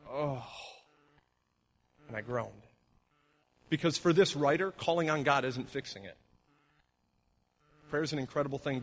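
A middle-aged man preaches to his church in a relaxed, conversational way. He leans on everyday fillers and often drops soft and low when he wants a line to sink in. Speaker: pastor. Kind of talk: sermon.

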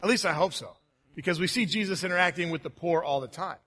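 A man delivers a Sunday sermon to his church in a fairly high voice. His tone is bright and forceful, and he keeps it friendly with jokes. He slows right down on key phrases. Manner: friendly, joking, varies pace for emphasis. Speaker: preacher.

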